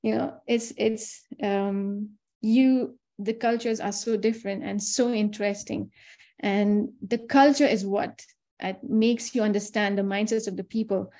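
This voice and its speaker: A woman from India speaks in a webinar talk with a mellow, warm tone and a middling pitch. She tells her stories in a chatty way and slips into little voices for the people she quotes. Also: steady tone, a little slow. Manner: chatty storyteller who acts out quoted dialogue.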